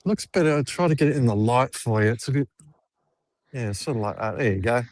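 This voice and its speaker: A man's voice: mid-range voice, a little fast, a little mellow, no echo, clean studio sound. A man joining a livestream as a guest, chatting in a friendly way.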